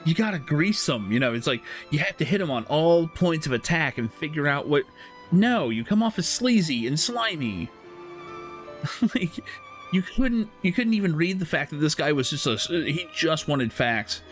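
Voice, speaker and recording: A man's voice: on the high side, lively intonation, moderate pace, fairly bright tone, soft background music. A man streaming a game, casually telling a story with frequent laughs and swearing. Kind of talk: casual storytelling while gaming.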